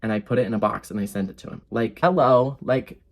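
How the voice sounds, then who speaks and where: A young man vlogging a casual storytime, animated and sarcastic, with lots of fillers. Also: on the low side, very fast, vocal fry.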